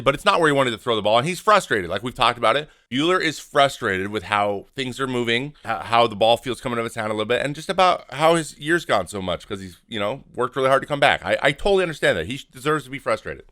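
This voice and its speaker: Bright-voiced man breaking down baseball clips. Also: medium pitch, quick pace, few pauses. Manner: animated, opinionated, acts out players' quotes. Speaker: podcast host and former pitcher. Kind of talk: casual commentary over game footage.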